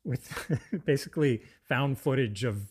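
A man's voice: medium pitch, measured pace, slightly rough. A man co-hosting a casual film discussion, enthusiastic and often restarting his sentences. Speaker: podcast co-host.

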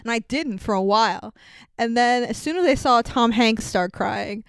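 A young woman gushes through a film recap on her podcast, her voice emotional, quick to swear and a touch high. The voice is smooth and clear, recorded close and dry. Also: fairly bright tone, dry recording. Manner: emotional, gushing, swears freely. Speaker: podcast co-host. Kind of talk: casual movie recap chat.

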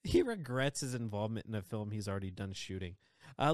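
A man hosting a podcast, chatting quickly and excitedly about entertainment news and laughing often. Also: lowish voice, no echo, clean studio sound. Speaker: podcast host.

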